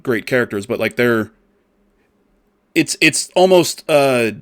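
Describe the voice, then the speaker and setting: Podcast host guy, normal mid voice, kinda halting, keeps hunting for words. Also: mid-range voice, animated, a bit bright, smooth. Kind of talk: casual chat.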